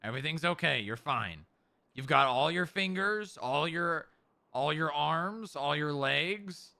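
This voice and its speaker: Guy doing rp on stream, super bright tense voice, kinda gravelly, soothing and coaxing. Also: fairly high pitch, lively intonation, measured pace. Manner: coaxing and reassuring, talking gently to a dog and a patient. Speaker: streamer playing a character. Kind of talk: in-character role-play.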